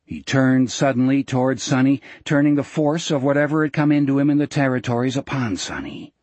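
A man reading a novel aloud as narrator, in a measured, steady manner. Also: mid-range voice, no room sound. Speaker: audiobook narrator. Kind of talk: scripted narration.

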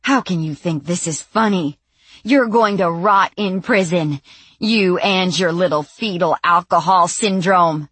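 A woman voicing a shrill, frantic scold. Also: sing-song, slow, a bit bright, slightly rough, dry recording, heavily acted. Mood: furious.

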